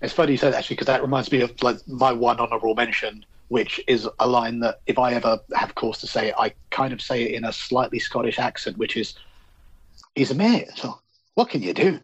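A man co-hosts a podcast in a relaxed, conversational tone. His voice is husky, and the recording sounds dull and muffled. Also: mid-range voice, fast talker, hardly any pauses, no room sound. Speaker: podcast co-host. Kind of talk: casual chat.

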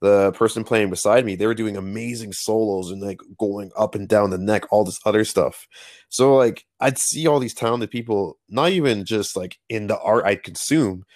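A man co-hosting a podcast, chatting casually in a playful, animated way with lots of metaphors. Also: lowish voice, moderate pace, no room sound, studio quality. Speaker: podcast co-host.

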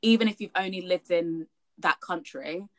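A woman's voice: on the low side, normal speed. A young woman, telling a story in casual podcast chat, swearing freely. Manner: chatty, frequent swearing, animated retelling. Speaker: podcast co-host.

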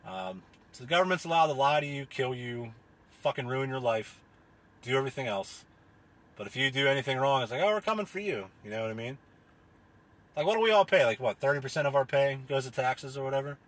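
A man's voice: medium pitch, fairly quick. A man delivering an angry, profane rant, hammering his points with blunt repetition. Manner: angry, heavy swearing, repetitive emphatic phrasing. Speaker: podcast host. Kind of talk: profane ranting monologue.

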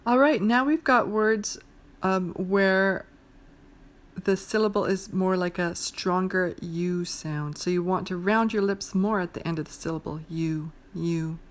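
A woman leads a pronunciation lesson at an unhurried pace, pronouncing each word twice with deliberate, careful articulation. Her voice sits at a middle pitch for a woman, and she gives short instructions between the words. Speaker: pronunciation teacher. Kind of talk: slow, careful word-list drill.

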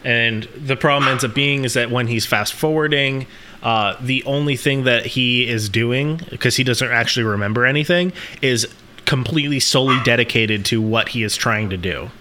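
A young man on a casual podcast, summarizing a movie plot in a halting way with many fillers. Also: mid-range voice, sharp tone, slight background noise. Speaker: podcast co-host.

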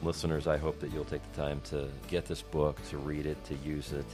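A man hosting a ministry podcast who affirms his guest and closes the show in a steady, encouraging way. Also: extremely low pitch, brisk, over music. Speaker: podcast host. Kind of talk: podcast interview and outro.

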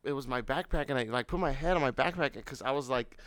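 A man's voice: medium pitch, fast, fairly bright tone, dry recording. A young man co-hosting a podcast, telling a story in casual chat and acting out the screams and quotes. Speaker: podcast co-host.

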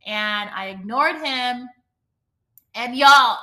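A young woman talks casually on her podcast in a bright, forward voice. She rambles through a personal story, full of asides and emotion. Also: medium pitch, steady tone, unhurried. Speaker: podcast host.

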